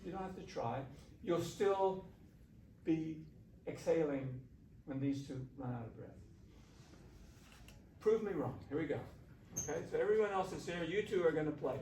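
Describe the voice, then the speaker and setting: A man's voice: a little high, lively intonation, normal speed, long pauses, a little mellow. A man talks a group of students through a breathing exercise, easygoing and encouraging. His voice comes from some distance off in a roomy classroom, with a faint hum of room noise behind him. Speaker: shakuhachi teacher. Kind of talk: workshop instruction.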